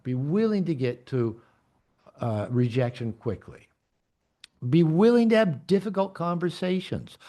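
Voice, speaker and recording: Older male coach, blunt storyteller, animated pitch, straight-talking. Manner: blunt, candid, storytelling with profanity. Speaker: author and coach. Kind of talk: talk to an audience of men.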